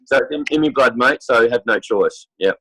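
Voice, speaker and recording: An Australian football superfan with a cold guests on a podcast, telling rambling stories full of fillers and restarts and clearing his throat. His medium-pitched voice is fairly quick, bright and forceful, on a low-quality recording with slight background noise.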